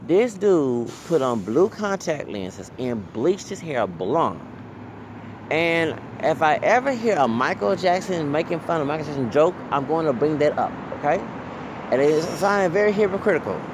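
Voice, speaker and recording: A man's voice: on the high side, sing-song, normal speed, background noise. A man from Texas, ranting casually as a vlogger, rambling, stumbling over repeated "uh"s and tagging lines with "okay?". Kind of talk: casual rant to camera.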